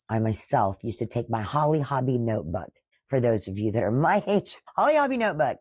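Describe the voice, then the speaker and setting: A woman's voice: rumbling low, a little mellow, breathy edge, dry recording, studio quality. A woman in her sixties hosting a podcast, delivering a combative political commentary monologue and scolding opponents directly. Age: 60s. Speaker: podcast host.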